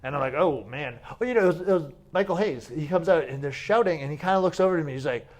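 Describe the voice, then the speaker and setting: An animated man with a voice on the high side speaks quickly while sitting down for an interview as a wrestler guest. Casual and talkative, he keeps restarting his stories and filling gaps with "like."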